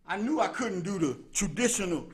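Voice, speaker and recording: A man preaching a storytelling sermon, animated, laughing and rising to shouts. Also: high voice, fairly quick, husky.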